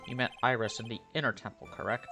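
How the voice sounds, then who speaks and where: Man as a formal prosecutor, crisp and probing, mid pitch. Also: steady tone, fast talker, over music, close to an everyday voice. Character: stern male prosecutor, sharp and formal.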